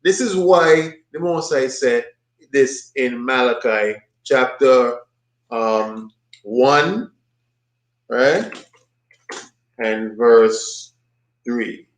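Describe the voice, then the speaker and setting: A man teaching a bible study, commenting on a played video in an emphatic, mocking preaching manner that repeats points with rising pitch. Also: extremely slow, long pauses, echoey room, poor audio.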